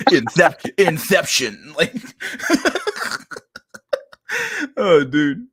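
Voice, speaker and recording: A man's voice: fairly high pitch, big pitch swings, very slow, fairly bright tone, breathy edge. A man hosting a casual reaction stream at a desk mic, swearing and laughing in disbelief. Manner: profane, laughing, incredulous. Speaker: streamer host. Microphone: desk microphone.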